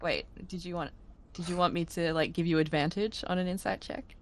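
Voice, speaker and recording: A woman's voice: lowish voice, steady tone, brisk. A woman player in a tabletop game with a playful, silly manner.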